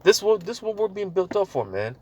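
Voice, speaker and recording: A man giving casual Bible teaching in a slangy, loose style, reading verses slowly, then talking them over and filling gaps with "man" and "you know". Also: high voice, sing-song, a little mellow. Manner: reads scripture aloud slowly, then riffs on it.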